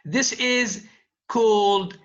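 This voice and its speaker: Male lecturer, slow and repetitive, drills students with questions, high voice. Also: a bit bright. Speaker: university linguistics lecturer. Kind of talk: classroom lecture. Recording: dull lo-fi classroom recording.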